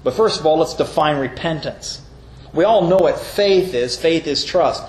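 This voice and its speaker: A man's voice: a little high, animated, moderate pace, darkish tone. A man preaching a sermon as pastor, earnest, reading scripture aloud and explaining it. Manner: earnest, reads scripture aloud with brief mocking voices. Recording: echoey room with faint ambience.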